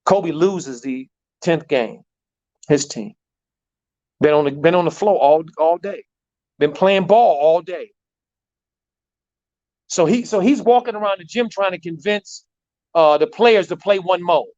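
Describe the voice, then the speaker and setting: A man, a basketball coach, telling a long story in an animated way, repeating words and using many fillers. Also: high-pitched, unhurried, long pauses. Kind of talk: storytelling in a talk show. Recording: dull lo-fi sound.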